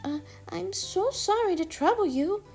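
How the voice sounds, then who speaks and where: A woman doing a timid, squeaky little hazelnut girl. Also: expressive, measured pace, creaky, a little mellow, soft background music, heavily acted. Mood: nervous. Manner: nervous, stammering.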